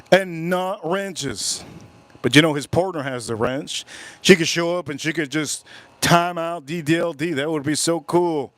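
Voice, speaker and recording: A man's voice: on the high side, fairly bright tone. A man hosting a live stream, chatting casually and rambling while he answers viewers' comments. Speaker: livestream host. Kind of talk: casual livestream chat.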